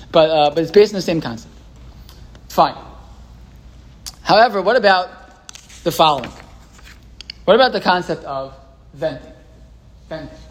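High-voiced man teaching a Torah class. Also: low-quality recording. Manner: conversational, quizzes the audience, reads and translates texts aloud. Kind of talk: live Torah class lecture.

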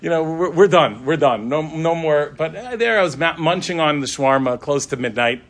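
A middle-aged man, a rabbi, telling a story in an animated way, acting out the dialogue. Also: fairly high pitch, normal speed. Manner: animated, acts out dialogue in shifting voices. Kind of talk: storytelling talk.

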